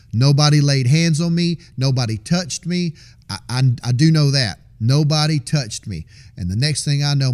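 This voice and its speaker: A man's voice: medium pitch, darkish tone. A man sharing his personal faith testimony in an earnest, conversational way, often repeating and restarting phrases with small laughs. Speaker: testimony speaker.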